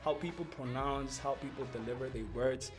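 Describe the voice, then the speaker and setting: A young man explaining rap lyrics in a casual, slangy, excitable way, breaking off from quoted lines to unpack them. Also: medium pitch, moderate pace, soft background music. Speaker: music commentator.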